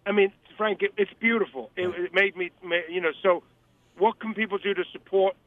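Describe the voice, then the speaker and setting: A man's voice: sits high, fairly even intonation, fairly quick, no room sound. A man calling in as a guest on a radio interview, talking emphatically, rambling and repeating himself. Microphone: telephone. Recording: tinny phone line, dry.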